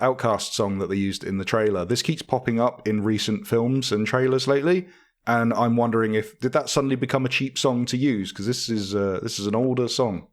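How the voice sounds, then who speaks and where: A man co-hosting a gaming podcast in casual chat, talking with lots of fillers and easy laughter. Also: fairly low pitch. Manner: chatty, laughs easily, frequent fillers. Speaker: podcast co-host.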